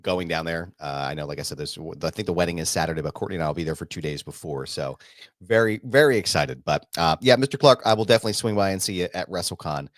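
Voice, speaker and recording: A man's voice: low voice, fast, dry recording, studio quality. A man hosting a live wrestling chat show, talking casually and laughing along with his co-host. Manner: animated, laughing, fan-like. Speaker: podcast host. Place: home studio on a live stream.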